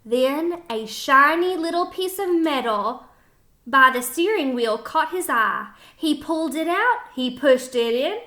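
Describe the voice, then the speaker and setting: High, bright-voiced woman reading to children. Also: lively intonation, a little slow. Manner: explains words and asks children questions. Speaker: teacher reading a story aloud. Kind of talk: children's picture-book read-aloud. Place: home kitchen.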